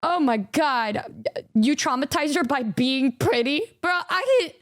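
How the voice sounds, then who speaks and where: Woman streamer reacting to a clip, high voice, keeps stumbling on her words. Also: lively intonation, a little slow. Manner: stammering, incredulous, profane. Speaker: VTuber streamer. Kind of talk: casual reaction commentary.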